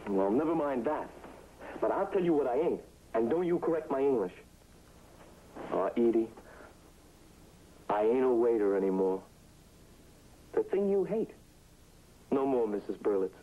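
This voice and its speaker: An eager boastful ex-waiter husband. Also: male voice, mid-range voice, unhurried, long pauses. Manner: excited, wheedling, repeats "I mean". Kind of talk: 1960s TV drama acting. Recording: tinny old TV soundtrack.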